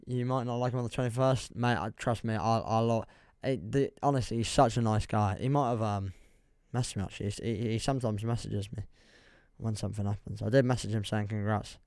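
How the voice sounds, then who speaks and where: This young Englishman talks a little fast in a low, darkish voice with fairly even intonation. He's casually hosting a football livestream, wandering off on tangents, reading chat messages aloud, laughing frequently, and putting himself down. The recording is dry and studio quality.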